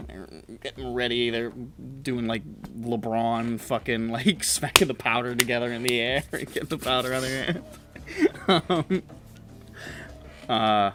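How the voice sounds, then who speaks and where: A man's voice: mid-range voice, a bit bright. A man narrating a tabletop game as game master, casual and profane with frequent laughs.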